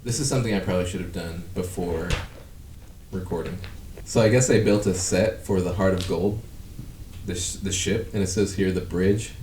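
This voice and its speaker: Low-voiced man rambling in an echoey room. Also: normal speed, a little mellow, distant mic, a little hiss or hum. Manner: rambling, profane, breaks into laughter. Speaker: podcast host. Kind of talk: casual chat.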